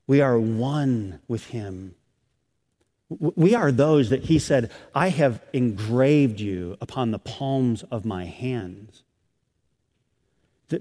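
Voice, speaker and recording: A man's voice: medium pitch, a little mellow. A middle-aged man preaching a sermon as a pastor, rising and swelling with emphasis on key phrases. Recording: hall reverb.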